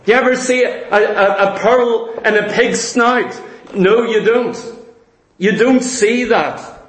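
High-voiced preacher with echoing rhetorical questions. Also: male voice, slow pace, fairly bright tone. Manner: emphatic, asks and answers his own rhetorical questions. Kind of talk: sermon.

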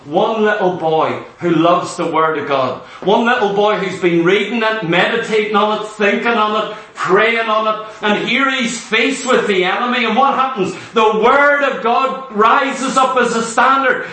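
A man's voice: sits high, a little slow, bright, forceful tone. A man preaching a sermon with impassioned, emphatic repetition. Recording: echoey hall, speaker far from mic.

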